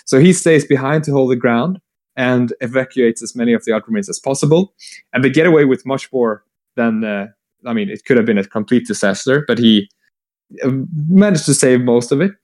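A man casually retelling a long war story, rambling with fillers, swearing and quick acted-out quotes. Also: medium pitch, expressive, a little mellow. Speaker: podcast co-host retelling lore. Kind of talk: casual chat.

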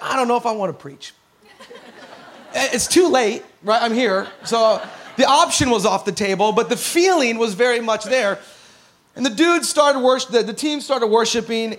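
In church, a pastor in his thirties delivers a chatty, emotional sermon punctuated by plenty of laughter. His voice is very high-pitched with a fairly bright tone.

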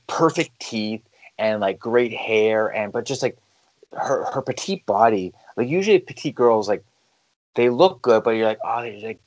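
A man in a casual chat, joking around and cutting in with quick questions. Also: on the low side, darkish tone, no room sound, low-quality recording.

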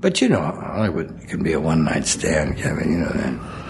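An older man with a gravelly voice, a guest actor telling rambling showbiz stories in a casual interview and acting out the quotes. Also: rumbling low, big pitch swings, a little fast. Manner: rambling storyteller, acts out quotes.

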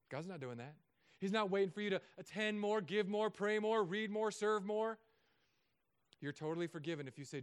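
A man preaching with a fairly high, smooth, resonant voice. He delivers his sermon in an animated, joking way, swinging between loud emphasis and hushed asides. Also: a little fast. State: recovering from Achilles surgery. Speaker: pastor.

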